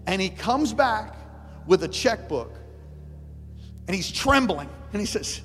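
Animated preacher man in a reverberant church. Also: sits high, a little slow, long pauses. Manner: animated, acts out quotes, bursts into shouts. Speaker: pastor. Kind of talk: sermon with storytelling. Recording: live church sound with long reverb and music underneath.

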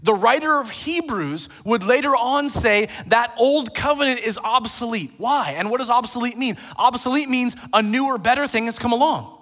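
A man preaching a sermon as a pastor, retelling scripture in an animated storytelling way. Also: very high voice, normal speed. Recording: long reverb of a large hall.

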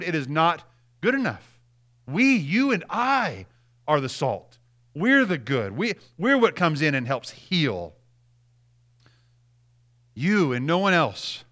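A man's voice: fairly high pitch, sharp tone. A man preaching a sermon, emphatic and direct, repeating key phrases and speaking straight to the congregation.

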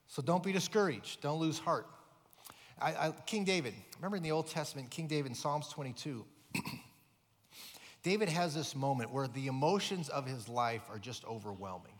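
A man's voice: mid-range voice, animated, moderate pace. A male pastor preaching a sermon with emphatic delivery, rising and falling in force. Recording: long hall reverb.

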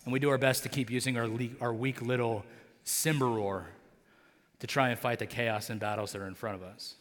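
A man's voice: medium pitch, fairly even intonation, fairly quick, long reverb tail. A man preaching a sermon as a pastor, talking casually with lots of fillers and acting out characters' lines as he tells the story. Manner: conversational, many fillers like "like" and "right?". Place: church sanctuary.

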